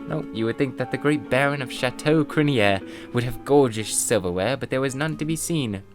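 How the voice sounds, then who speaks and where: A refined, anxious noblewoman bird from a video game speaks in a polite, measured way, as a man reads her lines. The voice keeps an ordinary middle pitch. Game music plays softly beneath her. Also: lightly acted. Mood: puzzled.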